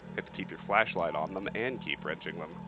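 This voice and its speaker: A man's voice: low voice, fast, muffled recording, over music. A man in his thirties hosting a let's play, giving casual, wry and joking commentary as he plays. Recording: steady background hiss.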